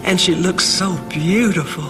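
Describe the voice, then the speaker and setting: A woman's voice: on the low side, a little slow, lightly acted. An actress playing a vain, flirtatious woman gushing through her inner thoughts at a sitcom wedding. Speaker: sitcom character. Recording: inner voice over music.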